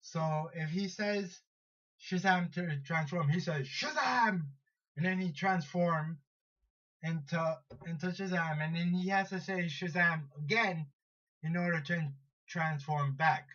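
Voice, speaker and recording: A high-voiced man retells a superhero story at an unhurried pace, stumbling over restarts and fillers as he goes. The recording sounds dull and lo-fi. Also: steady tone, fairly bright tone. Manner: rambling, halting, many restarts and fillers. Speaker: vlogger counting down superheroes.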